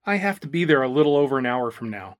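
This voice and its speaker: A man's voice: mid-range voice, big pitch swings, quick pace, voice pushed down, lightly acted. A man voicing a tired male computer worker who gives short, dry, clipped replies. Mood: terse, tired. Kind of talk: audiobook character voice.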